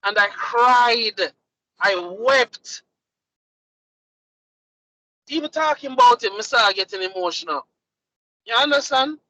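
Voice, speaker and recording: A bright-toned man, talking in a dry, close room. He tells stories with animation and acts out quotes, chatting casually as a podcast co-host. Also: extremely high pitch, slow, pauses often, no echo, rough recording. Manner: animated storytelling with lively voiced quotes. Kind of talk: casual group chat.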